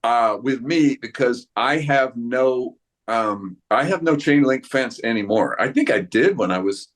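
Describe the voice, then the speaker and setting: A man's voice: medium pitch, expressive, unhurried. A man in his seventies, an actor guest, telling playful, self-mocking anecdotes in an interview. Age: 70s.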